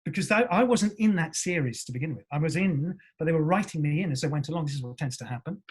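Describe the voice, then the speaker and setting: Male actor from england, husky voice, animated storytelling, acts out voices, swears. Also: on the high side, fast. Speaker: actor guest.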